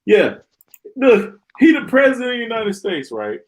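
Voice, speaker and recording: A man's voice: extremely high pitch, huge pitch swings, normal speed, poor audio. A man hosting a live stream, ranting in an exasperated, sarcastic way and often repeating himself. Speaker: podcast host.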